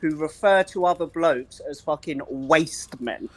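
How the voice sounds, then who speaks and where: A man's voice: on the high side, a little slow. A man, bantering and swearing in casual chat. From South East London. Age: 40s.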